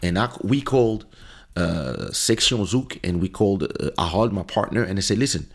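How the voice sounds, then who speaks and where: Low-voiced man telling a story. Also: animated, normal speed, vocal fry. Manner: conversational, with fillers and restarts, acting out quoted lines. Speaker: podcast host. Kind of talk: casual storytelling monologue. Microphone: studio microphone.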